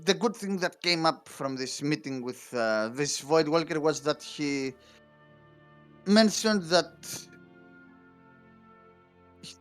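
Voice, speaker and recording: A man's voice: a little high, expressive, slow pace, pauses often, faint music behind. A man playing in a tabletop game, hesitantly searching for his words. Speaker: player. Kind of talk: casual tabletop game talk.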